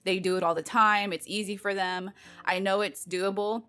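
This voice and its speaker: A chatty woman vlogger runs through a haul of nail supplies in loose, filler-heavy talk, peppered with playful exasperation. Her pitch sits in an ordinary middle range. Soft music plays faintly underneath. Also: steady tone, normal speed, clear, resonant tone. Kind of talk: casual product unboxing chat.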